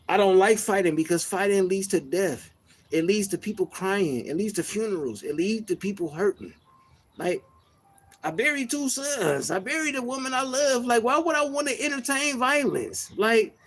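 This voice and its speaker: A man from Detroit hosts a livestream, musing casually in a soft, high, even-toned voice. His talk is reflective and full of slang and frequent fillers.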